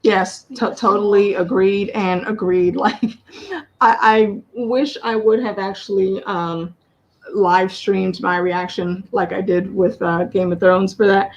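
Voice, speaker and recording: A woman hosting a casual show chat, talking in animated, quick bursts with laughter. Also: mid-range voice, lo-fi sound, a little hiss or hum. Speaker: host.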